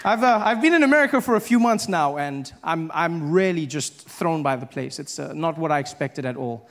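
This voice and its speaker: A man with a South African accent performing stand-up comedy, telling family stories in an animated way and acting out the people in them. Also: on the high side, moderate pace, some chatter behind. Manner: animated storytelling, acts out his family members.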